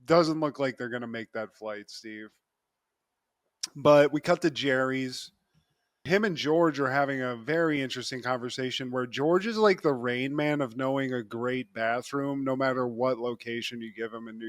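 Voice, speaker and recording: A man's voice: medium pitch, normal speed, dry recording, clean studio sound. A young man co-hosting a podcast, recapping a sitcom episode in loose, profane storytelling with frequent laughs. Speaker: podcast co-host.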